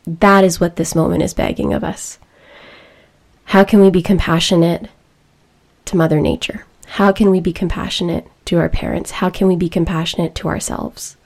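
Earnest woman speaking slowly about resilience. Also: fairly low pitch, steady tone, vocal fry, darkish tone. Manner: earnest, emotional, slow and deliberate. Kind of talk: reflective personal talk.

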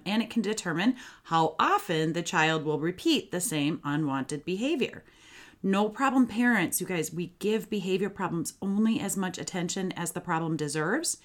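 A woman hosting a parenting podcast, explaining in a matter-of-fact, conversational coaching tone. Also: fairly low pitch. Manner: matter-of-fact, warm coaching with acted example phrases.

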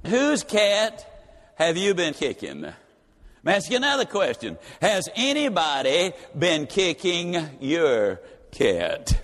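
A man's voice: on the high side, huge pitch swings, takes it slowly, a bit bright. A man giving a folksy, emphatic motivational speech told as a story. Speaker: motivational speaker. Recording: reverberant hall.

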